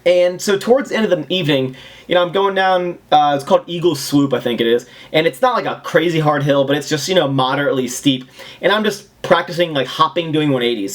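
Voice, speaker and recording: Young man, rambling animated storyteller, fairly high voice, home vlog. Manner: animated, rambling, acts out other people's lines. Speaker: fitness vlogger. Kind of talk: casual storytelling to camera.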